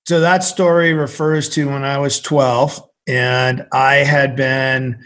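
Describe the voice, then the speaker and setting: A middle-aged man from central Massachusetts, a podcast guest telling a story in an animated way. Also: medium pitch, takes it slowly. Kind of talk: storytelling conversation.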